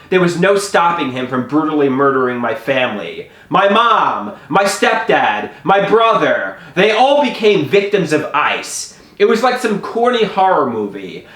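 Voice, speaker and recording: Animated man telling a personal story. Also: fairly high pitch, echoey room. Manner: animated, with frequent stammered restarts.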